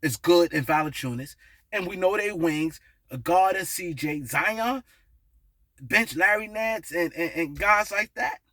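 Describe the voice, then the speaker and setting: High-voiced man ranting about basketball. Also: a little slow, no room sound. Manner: animated, repetitive, conversational with slang and restarts. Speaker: sports commentary host. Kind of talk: casual basketball opinion monologue.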